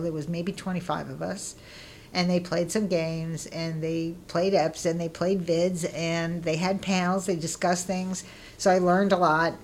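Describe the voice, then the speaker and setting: A middle-aged woman being interviewed, telling stories in a casual, lively way and acting out what people said with bursts of laughter. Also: on the low side, slight background noise. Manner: lively, acts out quoted voices with laughter. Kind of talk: casual storytelling.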